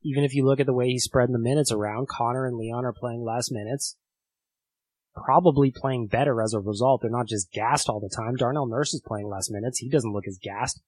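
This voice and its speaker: A man hosts a podcast in a relaxed, casual way and reacts with amusement. His voice is slightly husky, and the sound is dry and close to the mic. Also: mid-range voice, a little fast, dry recording. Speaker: podcast host.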